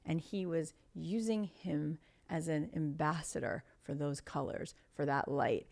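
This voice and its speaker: A middle-aged woman speaking as a podcast guest, talking in an animated way, acting out quotes and sometimes dropping to a whisper. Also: low-pitched, unhurried, vocal fry. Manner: animated, acts out quotes, drops to a whisper for emphasis. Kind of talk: conversational podcast interview.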